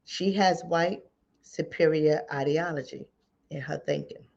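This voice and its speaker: A woman's voice: deep voice, fairly even intonation, measured pace, vocal fry, a little mellow, dull audio. A woman relationship coach, giving emphatic, repetitive commentary straight to her viewers. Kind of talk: casual commentary to camera.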